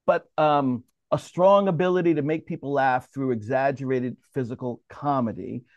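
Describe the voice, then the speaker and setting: A man from New York leading a mediators' roundtable in an animated, casual way, often restarting his sentences and calling on others by name. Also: medium pitch, normal speed, no room sound, lo-fi sound. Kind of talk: casual discussion, moderating.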